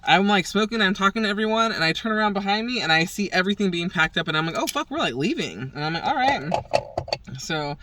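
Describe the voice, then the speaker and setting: A woman's voice: medium pitch, lively intonation, quick pace, distant mic, background noise. A woman hosting her own show, telling a rambling story in casual chat, swearing freely and acting out what everyone said. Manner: profane, acts out quoted dialogue, rambling. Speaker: podcast host.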